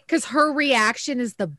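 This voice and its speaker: A woman's voice: sits high, bright, forceful tone. A woman co-hosting a podcast over a video call, chatting casually and teasing with frequent giggles. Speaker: podcast co-host. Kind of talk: casual chat.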